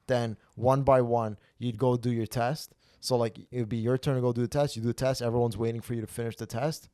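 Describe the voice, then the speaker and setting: A young man hosting a comedy podcast, telling a story in a casual, profane and animated way that turns loud when he rants. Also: mid-range voice, a little fast, clear, resonant tone, dry recording. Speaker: podcast host.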